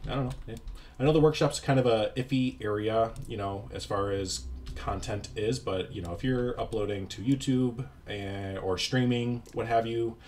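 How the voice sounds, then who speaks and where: A man's voice: lowish voice, moderate pace, darkish tone, a little hiss or hum. A young man casually commenting over his gameplay, rambling and self-deprecating, with lots of filler words. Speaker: YouTuber.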